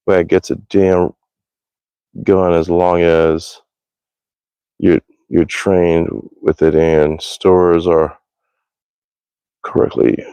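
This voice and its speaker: A man chatting casually to viewers of his live stream, his voice sitting somewhat low. He rambles, swears freely and keeps correcting himself. The sound is close and dry, with no room echo. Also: little pitch movement, extremely slow, pauses often, mellow, clear, resonant tone. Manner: rambling, profane, self-correcting. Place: backyard outdoors.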